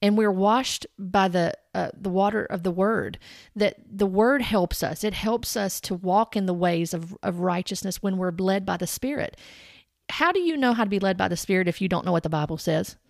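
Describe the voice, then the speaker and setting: A woman's voice: mid-range voice, normal speed, vocal fry, no echo, clean studio sound. A woman giving an earnest, corrective Bible commentary, citing chapter and verse and speaking straight to her viewers. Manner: addresses viewers directly. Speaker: Christian commentator.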